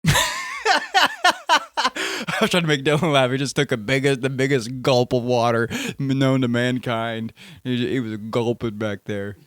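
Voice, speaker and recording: Young male podcast host, mid-pitched, dry close sound, jokey and rambling. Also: steady tone, a little slow, long pauses, smooth, no room sound. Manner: rambling, jokey, self-interrupting. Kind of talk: casual podcast chat.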